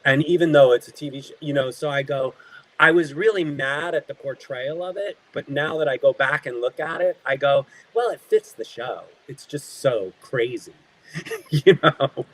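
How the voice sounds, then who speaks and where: An actor appearing as a guest tells lively stories in casual talk, acting out the quoted lines and laughing often. His voice is on the high side at a moderate pace, in a low-quality recording.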